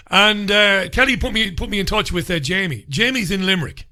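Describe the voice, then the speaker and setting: Bright-voiced chatty male radio host. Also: high-pitched, expressive, brisk, few pauses. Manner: chatty, rambling, with filler words. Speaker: radio talk show host. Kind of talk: casual radio chat.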